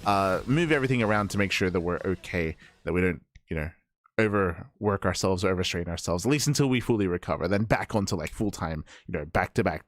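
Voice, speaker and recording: Hoarse man casting an esports stream. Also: fairly low pitch. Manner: rambling, self-correcting, apologetic. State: hoarse, recovering from voice loss. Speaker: esports caster. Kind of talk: casual stream wrap-up.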